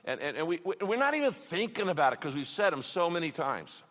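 A middle-aged man preaching a sermon, passionate and emphatic, building to loud peaks. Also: fairly high pitch, sing-song, quick pace. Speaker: pastor. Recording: long hall reverb.

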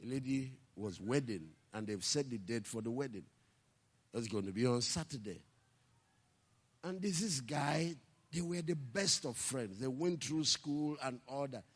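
A male pastor preaching a sermon, telling stories and building to impassioned shouts. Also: medium pitch, lively intonation, unhurried, breathy edge, long reverb tail.

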